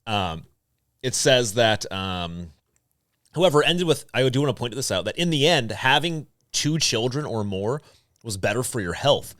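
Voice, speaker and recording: A man in his thirties co-hosting a casual podcast, talking in a loose, halting way. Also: mid-range voice, animated, a bit bright, no room sound, studio quality. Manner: loose, halting, many fillers. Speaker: podcast co-host.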